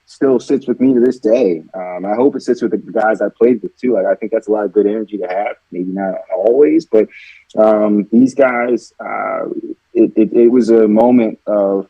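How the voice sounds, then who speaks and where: A former college football player speaks as a radio guest in a husky, mellow voice. He talks in a relaxed, reflective way, heard on a dull, dry line. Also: on the low side, moderate pace, no echo. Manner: relaxed, reflective, many fillers. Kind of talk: casual interview chat.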